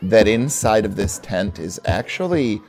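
A man narrating as game master of a tabletop game, relaxed and rambling, full of fillers. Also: lowish voice, measured pace, soft background music.

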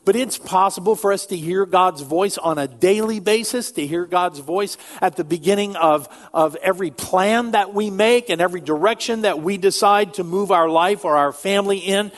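An older man, a pastor, preaching a sermon in an earnest, emphatic way that drops to quiet asides. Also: sits high, normal speed, hardly any pauses.

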